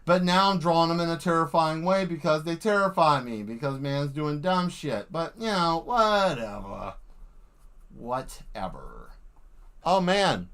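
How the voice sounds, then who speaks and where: A man's voice: on the high side, clean tone. A man hosting a live art stream, rambling and joking with lots of swearing while he paints. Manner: profane, animated, jokey, acts out quick voices.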